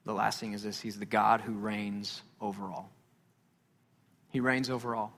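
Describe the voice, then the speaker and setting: A man preaching a sermon as a pastor, emphatic and repetitive, swinging from loud declarations to hushed tones. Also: lowish voice, steady tone, moderate pace. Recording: long hall reverb.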